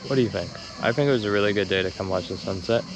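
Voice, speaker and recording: A young travel vlogger walks hillside streets outdoors at dusk, rambling and joking casually to a handheld action camera. He talks rapid-fire in a lowish voice, with music playing under him.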